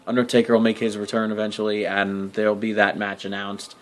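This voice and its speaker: Brisk and monotone, with a fairly low pitch, a man gives a rambling wrestling recap as a vlogger. It's full of swearing, fillers and restarts, punctuated by abrupt, loud bursts of exasperation.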